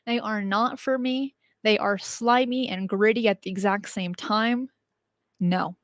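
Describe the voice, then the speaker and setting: A young female channel host with a mid-range voice and measured pace answers viewer questions in a chatty, animated way, often laughing. The audio is clean studio sound without echo.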